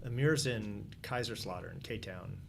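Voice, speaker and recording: A man's voice: lowish voice, unhurried, creaky, soft background music. A man hosting a casual podcast who talks in a reflective, rambling way with many restarts. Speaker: podcast host.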